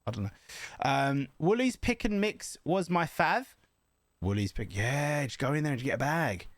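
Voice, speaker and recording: Lively joking man. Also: on the high side, moderate pace, dry recording, studio quality. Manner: joking, rambling, laughs often. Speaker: reaction video host. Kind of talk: casual reaction commentary.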